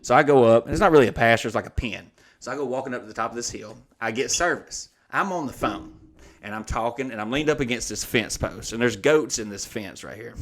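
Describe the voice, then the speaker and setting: Man telling a wild story. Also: mid-range voice. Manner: animated, loose and profane, acts out each moment of the story. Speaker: podcast host. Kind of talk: casual comedic storytelling.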